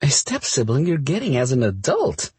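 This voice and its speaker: A man's voice: mid-range voice, wildly swooping pitch, normal speed, darkish tone, breathy edge, dry recording, voice pushed up, exaggerated voice. A man voicing a bold, blunt young woman roommate who teases her friend, in a romance audiobook. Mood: teasing. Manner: brash, blunt, playful.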